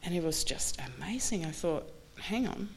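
A woman candidly telling her recovery story in a halting, earnest way, full of restarts. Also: on the low side, lively intonation, vocal fry, slight background noise. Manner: candid, halting, many restarts and you-knows. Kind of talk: personal testimony talk.

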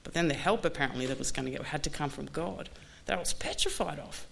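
A woman's voice: low-pitched, vocal fry, slight background noise. Candid woman sharing a recovery story. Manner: candid, halting, many restarts and you-knows. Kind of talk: personal testimony talk.

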